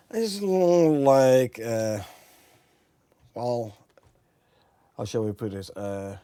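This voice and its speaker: A man's voice: mid-range voice, drawn-out words, pauses often, warm tone, clean tone, no room sound. Dutch man chatting on a live stream. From Netherlands. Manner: thinks aloud, chats with viewers, laughs often. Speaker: gameplay streamer. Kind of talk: casual live-stream commentary.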